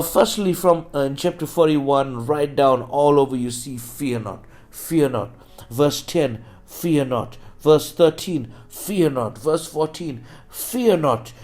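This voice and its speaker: A man with a South African English accent preaching a sermon as pastor, reading scripture slowly and building to loud, emphatic repetition. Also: on the high side.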